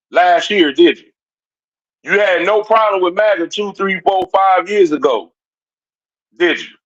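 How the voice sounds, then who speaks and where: Man, livestream commentator, high voice, confrontational rant, repeats himself, muffled lo-fi sound. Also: fairly bright tone. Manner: confrontational, repetitive, addresses chat directly. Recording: dull lo-fi stream audio.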